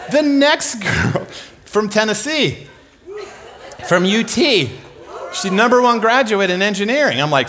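A man's voice: high voice, sing-song, measured pace, long pauses, pushed and bright, slight background noise. A man preaching a sermon, telling comic stories with lots of laughter. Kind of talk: sermon storytelling.

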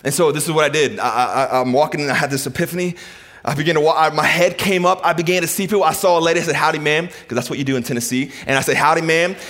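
Pastor preaching with swinging energy. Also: male voice, a little high, very fast. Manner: storytelling, swings from hushed to emphatic. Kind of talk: sermon.

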